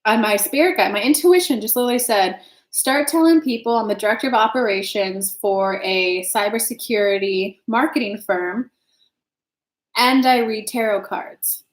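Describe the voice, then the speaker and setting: A woman's voice: medium pitch, moderate pace. A young adult woman from the United States hosting a casual live-stream tarot reading, chatty and loose, now and then swearing. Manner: chatty, reads comments aloud, swears casually. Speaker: tarot reader and channel host. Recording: echoey room.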